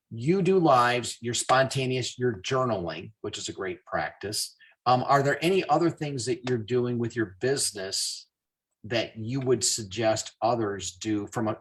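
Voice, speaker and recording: Animated man hosting a casual business call. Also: mid-range voice, moderate pace. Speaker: host.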